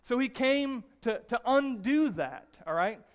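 High-voiced conversational preacher, man. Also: lively intonation, unhurried. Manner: conversational, restarts often, frequent "all right?" tags. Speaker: pastor. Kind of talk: sermon.

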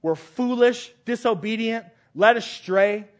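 A male pastor preaching a sermon, stressing phrases by repeating them and swinging between loud declarations and hushed lines. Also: sits high, a little slow.

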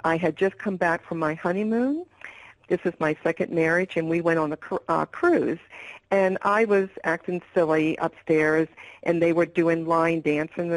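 Lower-pitched woman telling a health story. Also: dry recording, rough recording. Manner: candid, rambling storytelling with restarts. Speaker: interview guest. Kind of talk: personal health story in an interview.

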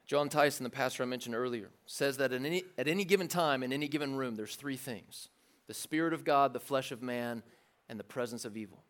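A man preaching a sermon in a lively, joking way, acting out the voices of the crowd. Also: medium pitch, fairly quick. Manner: animated, jokey preaching with acted-out crowd voices. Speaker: pastor.

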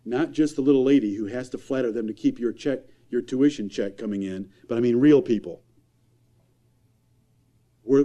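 A man preaching a sermon in a church, emphatic, firing rhetorical questions and swinging from loud to hushed. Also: mid-range voice, muffled recording.

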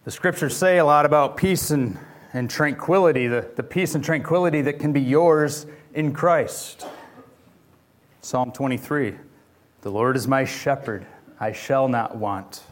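A man's voice: mid-range voice, unhurried. A man preaching a sermon in church, earnest and pleading, firing off rhetorical questions at his congregation. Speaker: pastor.

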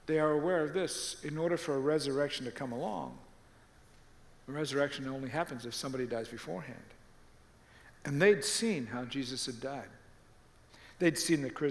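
Animated preaching man in a reverberant room. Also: fairly high pitch. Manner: animated storytelling, acting out quoted voices. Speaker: pastor. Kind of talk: sermon.

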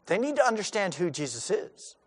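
A man's voice: high-pitched, sing-song, fairly quick, breathy edge. A middle-aged male pastor giving a sermon in a conversational way, acting out the lines of the disciples.

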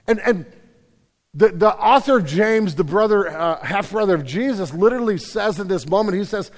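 A man's voice: high-pitched, expressive, normal speed, long reverb tail. A man preaching a conversational sermon, self-deprecating, with many repeated starts. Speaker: pastor. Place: church hall.

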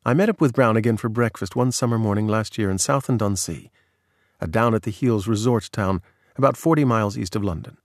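A man's voice: lowish voice, fairly quick, no echo, clean studio sound. Man narrating a magazine article.

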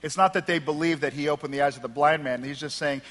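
Man pastor, higher-pitched, emphatic sermon reader, church sanctuary with lingering reverb. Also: fairly even intonation, quick pace, a bit bright. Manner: emphatic, with wry asides. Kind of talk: sermon with scripture reading. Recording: long hall reverb.

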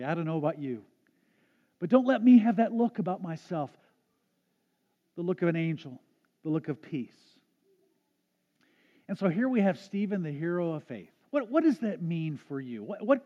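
A man preaching a sermon as a pastor in a church, earnest, often restarting his phrases. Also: on the high side. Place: church sanctuary. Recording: dull, echoey sanctuary sound.

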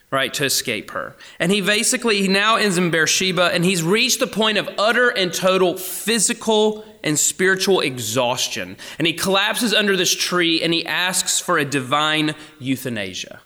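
A young man preaching a sermon, going from emphatic, raised passages down to hushed, almost whispered lines. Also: a little high. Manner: swings between emphatic and hushed, near-whispered asides. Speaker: pastor.

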